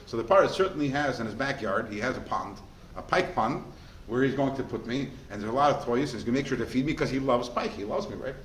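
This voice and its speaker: A man, a rabbi teaching a class, in a lively way, often asking the listeners questions. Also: medium pitch, quick pace. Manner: animated, asks the class rhetorical questions. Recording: echoey room with faint noise.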